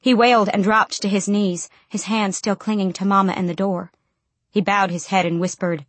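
A woman narrating an audiobook in the first person, quiet and subdued. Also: mid-range voice, little pitch movement, moderate pace, dry recording.

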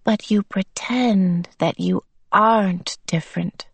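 Sinister little boy, flat monotonous voice, slow, dry sound, as a woman reads him. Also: mid-range voice, creaky, husky, no room sound, heavily acted. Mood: coaxing.

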